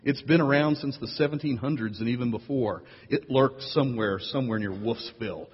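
A man preaching a sermon as pastor, playful and animated, jumping up in pitch to tease and draw in his listeners. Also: brisk, hardly any pauses, husky. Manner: playful, animated storyteller with big jumps in pitch. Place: church sanctuary. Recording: lo-fi echoey hall recording.

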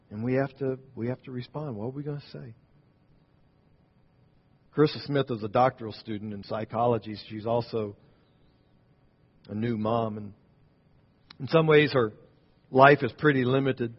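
A man preaching a sermon, telling a story as he builds to loud points and drops to quiet ones. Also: medium pitch, moderate pace, pauses often, husky. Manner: storytelling, rising and falling in volume. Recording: dull sound in a reverberant hall.

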